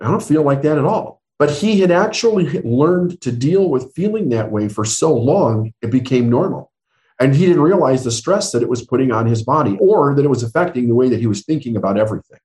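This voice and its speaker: A middle-aged man speaks as a guest business coach, earnest and emphatic. His voice sits at an ordinary medium pitch, and he acts out the people he quotes as he tells his stories. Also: a little mellow. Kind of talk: storytelling interview answers.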